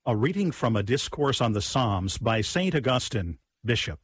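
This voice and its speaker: Husky-voiced man reading in a dry room. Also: medium pitch, very animated, dry recording. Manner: earnest, measured reading. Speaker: liturgical reader. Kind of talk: reading a patristic text.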